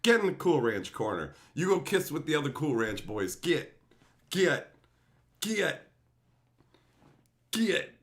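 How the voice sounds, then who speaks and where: Male streamer, profane mock-ranting, lively and bright. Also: a little high, slow pace, long pauses. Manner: profane, mock-insulting, laughing. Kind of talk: live-stream rant to chat.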